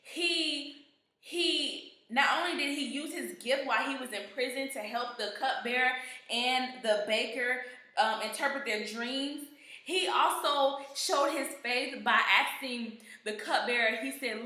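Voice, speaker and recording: A woman's voice: high-pitched, unhurried, pushed and bright, roomy sound. A woman giving an earnest devotional teaching, stressing points through emphatic repetition. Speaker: Bible teacher.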